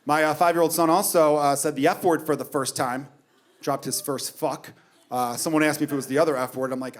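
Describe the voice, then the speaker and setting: A man's voice: fairly high pitch, brisk. A man in his thirties doing a stand-up routine on stage, telling stories about his kids with plenty of swearing and acted-out dialogue. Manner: animated storytelling, swearing, acts out his kids. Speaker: stand-up comedian. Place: comedy stage before a laughing audience.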